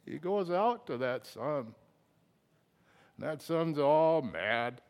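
A middle-aged man preaching a sermon, moving between quiet confiding talk and loud impassioned bursts, emotional at times. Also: on the high side, animated, drawn-out words, smooth. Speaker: pastor.

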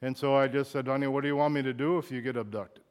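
A middle-aged man preaching a sermon, moving between quiet confiding talk and loud impassioned bursts, emotional at times. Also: medium pitch, fairly even intonation, fast, smooth. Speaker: pastor.

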